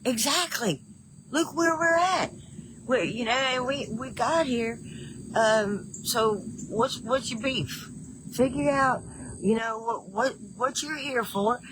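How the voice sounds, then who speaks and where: A woman's voice: a little high, takes it slowly, noisy background. An older woman with a Southern drawl chats loosely on a home livestream, answering viewer comments as she goes. Her talk wanders, doubles back on itself and breaks into easy laughter. Faint crickets and insects chirp in the background. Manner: rambling, chatty, many restarts, laughs easily. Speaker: livestream host. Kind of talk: casual chat reading viewer comments. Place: home in the woods.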